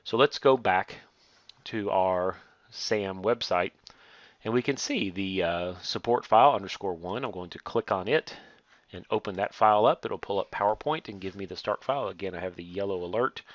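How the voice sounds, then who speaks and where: A man teaching a screen-recorded software tutorial, walking through steps one at a time with frequent "uh" fillers. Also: low voice, normal speed, no echo, highs cut off. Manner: steady step-by-step explaining with frequent "uh" fillers. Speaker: instructor.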